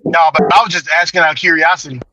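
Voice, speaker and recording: A man's voice: fairly high pitch, fairly even intonation, rapid-fire, sharp tone, highs cut off. A man chatting casually, telling rambling stories full of fillers and restarts. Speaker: delivery driver and show regular. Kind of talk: casual chat. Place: small island town.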